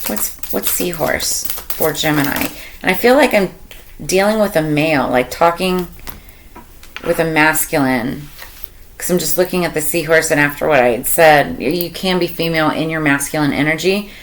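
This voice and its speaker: A woman's voice: low voice, normal speed, slight background noise, poor audio. A woman reading tarot cards for a zodiac sign in a casual, meandering way, thinking aloud with lots of fillers. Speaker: tarot reader.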